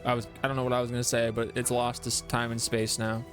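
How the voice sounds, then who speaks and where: A man's voice: medium pitch, monotone, fast, a bit bright. Male streamer, chatty lore-explainer, fillers and restarts, light music bed. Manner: rambling, explains game lore with many fillers; reads chat aloud and greets viewers. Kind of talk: casual live-stream chat.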